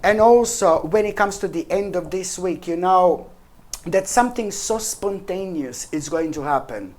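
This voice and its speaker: A woman's voice: lowish voice, expressive, moderate pace, a little mellow. A woman giving a casual tarot reading to viewers, chatty and emphatic, with enthusiastic, playful asides. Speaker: tarot reader.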